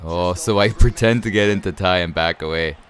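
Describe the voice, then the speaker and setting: A man's voice: sits low, fairly quick, fairly bright tone. Laid-back man giving fight game commentary. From Canada. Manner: laid-back, laughs often, says "man" a lot. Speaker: gaming YouTuber. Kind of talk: casual gameplay commentary.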